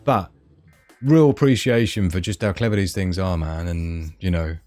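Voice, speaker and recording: A man's voice: low-pitched, moderate pace, a little mellow, dry recording, soft background music. A man hosting a live stream, chatting casually and rambling, often losing his thread mid-sentence. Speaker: livestream host.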